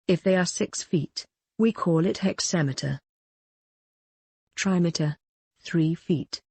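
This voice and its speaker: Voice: mid-range voice, darkish tone, breathy edge, no room sound. A literature teacher giving a recorded lecture, reading out definitions and then restating each one in plainer words.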